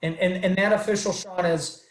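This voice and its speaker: A man's voice: high-pitched, steady tone, a little fast. A man moderating a casual panel discussion over a video call, hesitant, with many restarts, acting out quotes as he retells a scene. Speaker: webinar moderator. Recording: echoey room sound.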